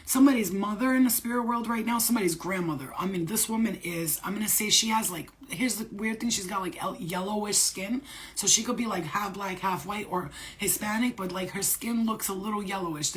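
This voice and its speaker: A woman psychic medium speaks straight to her audience in a loose, unscripted way. She is blunt and emphatic, drops swear words and street slang, and repeats lines to press her point. Her voice sits at an ordinary middle pitch. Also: a little fast. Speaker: psychic medium giving spirit readings. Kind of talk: casual unscripted channeling talk to viewers.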